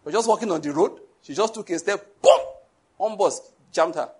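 A man preaches to his congregation, laughing often and tossing questions at the listeners. His voice sits a little high and sounds husky. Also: fairly quick. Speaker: pastor. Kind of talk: sermon.

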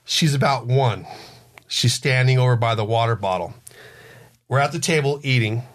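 A man in his forties telling family stories in a casual chat. He rambles, restarts his sentences, and acts out what his family members said. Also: medium pitch. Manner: rambling, halting storyteller who restarts sentences.

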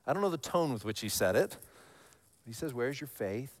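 A man in his thirties preaching a sermon, telling stories with animated highs and dropping to a hush for scripture lines. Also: moderate pace. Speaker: pastor.

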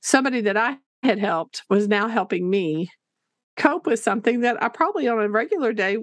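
A woman's voice: fairly high pitch, expressive, a little fast, no room sound. Earnest woman telling a classroom story. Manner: earnest storytelling with frequent restarts. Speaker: podcast co-host, teacher. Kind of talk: casual podcast chat.

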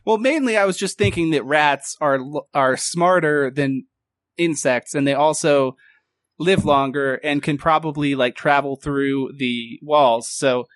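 A man's voice: on the high side, measured pace, no room sound. A man playing a tabletop game, playful and giggly, slipping into mock-grand speech. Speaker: player. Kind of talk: tabletop game play, in character.

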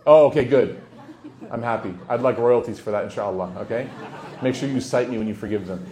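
A man's voice: medium pitch, a little fast, a little mellow, a faint crowd, a little hiss or hum. A man teaching a religious study circle in a casual, joking way. He tells anecdotes and acts out the dialogue. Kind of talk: informal religious lesson.

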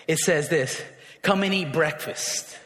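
Male pastor, high voice, impassioned sermon delivery, roomy hall reverb. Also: slow pace. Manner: emotional, building to shouts. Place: church hall. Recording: echoey hall.

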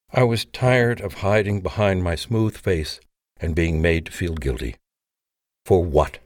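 A man reading a memoir aloud as narrator in a measured, even style. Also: deep voice, dry recording, clean studio sound. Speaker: audiobook narrator. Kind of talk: scripted narration.

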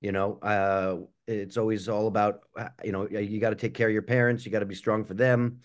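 A man's voice: on the low side, flat delivery, brisk. A man speaking as a panelist on a video call, answering in a reflective, earnest way with frequent fillers. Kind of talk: casual chat.

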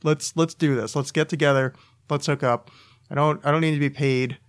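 A man's voice: fairly high pitch, fairly even intonation, moderate pace. A man hosting a solo podcast, ranting casually with profanity, restarts and repeated words. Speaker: podcast host.

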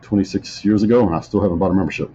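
Very deep-voiced man telling stories fast. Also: dark tone. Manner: laid-back drawl, acts out dialogue. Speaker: interview guest, bodybuilder. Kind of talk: casual storytelling. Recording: slightly muffled audio, faint background noise.

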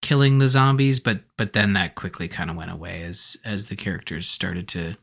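A man's voice: deep voice, normal speed, creaky, fairly bright tone. A man co-hosting a podcast in casual chat, rambling with lots of fillers and restarts. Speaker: podcast co-host.

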